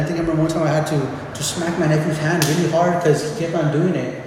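Speaking fast in a fairly high, mostly even voice, this preacher gives a casual, conversational sermon full of restarts and repeated words as he explains. Background noise is present, and the hall is echoey with faint ambience.

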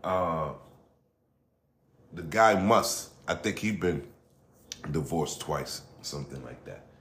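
Deep-voiced man rambling on his podcast. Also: expressive, takes it slowly, fairly bright tone. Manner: rambling, profane, with frequent restarts and asides. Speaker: podcast host. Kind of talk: casual solo monologue.

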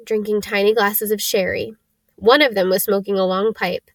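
A woman reading a children's novel aloud in a steady, even narration. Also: medium pitch, no echo. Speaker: reader. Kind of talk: storybook narration.

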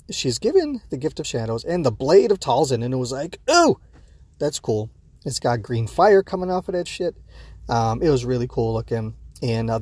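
A man's voice: medium pitch, darkish tone, no room sound. Rambling man giving a casual reaction. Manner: rambling, many fillers and restarts. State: sleepy, yawning early in the day. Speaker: podcast host reviewing an episode. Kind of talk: casual unscripted reaction commentary.

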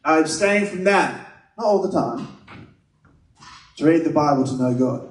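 Male preacher, earnest and chatty delivery, slightly higher voice, distant mic. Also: lively intonation, a little slow. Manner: earnest, conversational preaching with personal stories. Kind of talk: sermon. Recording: echoey room, mic at a distance.

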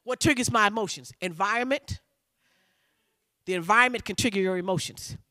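A middle-aged male preacher with a very high, piercing voice and a sharp, forceful edge. He preaches in church, shouting and calling for the congregation to answer him, doubling back on words in a fervent rhythm. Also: brisk. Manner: shouting, urging call-and-response. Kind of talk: sermon.

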